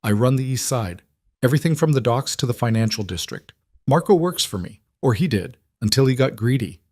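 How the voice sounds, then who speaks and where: Playing a cold, controlled crime boss, a man speaks quietly and with total certainty, his mood hushed yet firm. The mid-range voice is expressive and fairly quick, pitched above his natural register and only lightly acted. It's a dry, clean studio recording.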